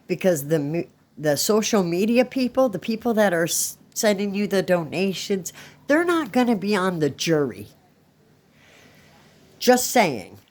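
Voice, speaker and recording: A woman in her fifties reacting to a clip, blunt and scolding. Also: on the low side. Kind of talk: casual reaction chat.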